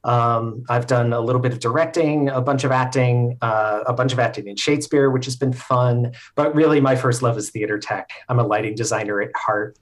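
A man's voice: medium pitch, steady tone. Thoughtful man explaining at ease. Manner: thoughtful and explanatory, with frequent filler pauses. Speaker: podcast guest. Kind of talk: casual conversational storytelling.

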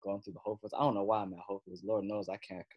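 A man's voice: on the low side, little pitch movement, very fast, husky, no echo, highs cut off. A young man, a comedian guest, telling stories in a laid-back, slangy way full of fillers. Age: young adult. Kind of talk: casual storytelling chat.

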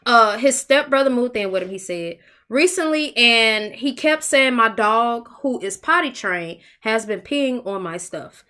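A woman co-hosting a casual podcast, reading listener questions aloud and reacting with animated exclamations. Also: fairly high pitch, measured pace. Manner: animated, exclaiming, laughs often. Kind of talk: casual chat.

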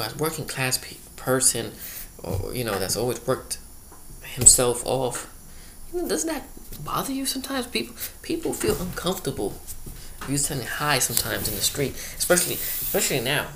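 Brief: man, mid-pitched, one-man stand-up chat, meandering delivery, faint hiss behind. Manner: rambling, loose, full of "you know" asides. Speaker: comedian. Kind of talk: comedic monologue.

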